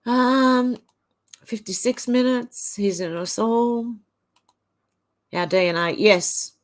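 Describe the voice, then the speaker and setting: An Australian woman hosts a livestream, reading out viewers' comments one by one and tossing in brief offhand remarks. Her voice sits a little high, and she takes her time.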